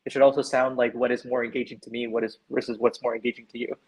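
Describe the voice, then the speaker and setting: A man's voice: medium pitch, level tone, quick pace, a little mellow, breathy edge, rough recording. Man explaining on a video call. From Canada. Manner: explanatory, frequent "right?" tags. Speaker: panelist. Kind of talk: webinar panel discussion.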